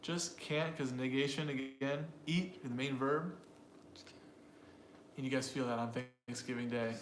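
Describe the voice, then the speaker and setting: A man's voice: mid-range voice, steady tone, a little slow. A man teaching English pronunciation in casual chat, talking straight to learners and thinking aloud as he goes. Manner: thinks aloud with fillers and restarts, addresses learners directly. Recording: echoey room with faint background noise.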